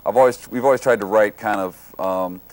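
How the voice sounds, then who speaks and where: A man's voice: on the low side, a little fast, darkish tone, dry recording. A laid-back man from Detroit, a band musician, talking casually in an interview and searching for his words. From Detroit, USA.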